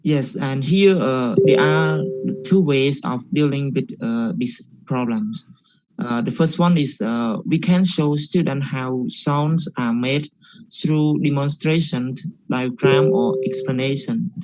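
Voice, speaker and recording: A young man presents his part of a class project, moving haltingly through his points with frequent pauses and fillers. His voice sits at an average pitch for a man. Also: darkish tone, a little hiss or hum, rough recording. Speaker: student presenter.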